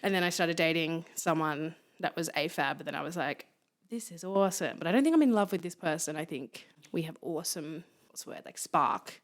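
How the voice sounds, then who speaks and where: A woman's voice: deep voice, fairly quick. A woman telling stories as a podcast guest in a casual chat, acting out quoted people with bursts of laughter. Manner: animated storyteller, acts out quotes with laughter.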